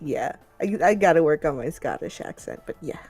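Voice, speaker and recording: A woman's voice: low-pitched, big pitch swings, fairly quick, a little mellow, husky, faint music behind. A woman tabletop player chatting casually and laughing easily. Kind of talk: casual chat.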